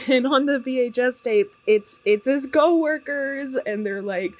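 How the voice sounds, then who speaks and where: A man's voice: very high voice, measured pace, fairly bright tone. A man giving casual commentary as a YouTube book reviewer, chatty and sarcastic, with lots of fillers and laughs.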